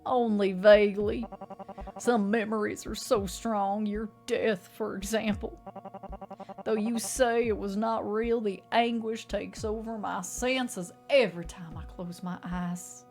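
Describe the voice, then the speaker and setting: Woman doing an anguished old dad for a horror visual novel, put-on accent, mid pitch, faint music behind. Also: unhurried, lightly acted. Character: haunted, guilt-ridden elderly father, frantic.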